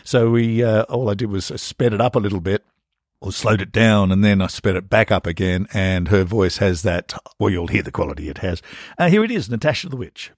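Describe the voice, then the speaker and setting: A man's voice: on the low side, animated, fairly quick, no echo, studio quality. An older man, hosting and chatting casually about his musical in a rambling, jokey way. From born in England, raised in Australia. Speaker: podcast host and composer. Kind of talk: casual spoken commentary.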